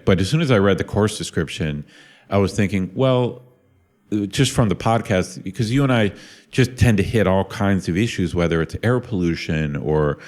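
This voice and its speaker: A man's voice: deep voice, darkish tone. A middle-aged man from Ohio, co-hosting a casual podcast and talking thoughtfully, with many restarts and repeated words. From Ohio, USA. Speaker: podcast co-host and university lecturer.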